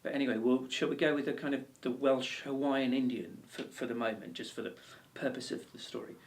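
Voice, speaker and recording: Brief: male ukulele teacher, gravelly voice, rambling and encouraging, recorded a little off-mic. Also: medium pitch, steady tone, fairly quick, distant mic, slight background noise. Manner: chatty, encouraging, with many ums and restarts. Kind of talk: casual video lesson and anecdote.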